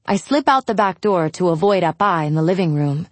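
A woman narrating a first-person audiobook in a frank, wry, steady way. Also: fairly low pitch, brisk, dry recording.

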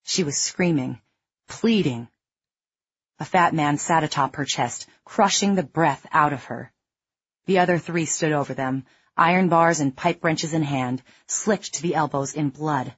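A woman reading a gritty first-person audiobook story in a measured, tense, low-key way. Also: breathy edge, dry recording. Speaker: audiobook narrator. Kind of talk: first-person scripted narration. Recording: dry, slightly muffled lo-fi recording.

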